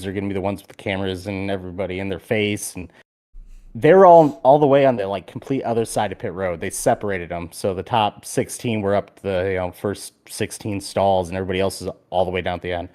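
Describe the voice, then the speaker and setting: A man's voice: on the low side, a little fast. Podcast co-host, male, casual storyteller with a lot of swearing. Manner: animated storyteller, swears freely.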